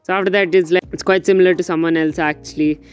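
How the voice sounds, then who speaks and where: A young man casually recapping a manga chapter in a rambling, excitable way, full of fillers. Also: sits high, fast, clean tone. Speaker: manga reviewer. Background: faint background music.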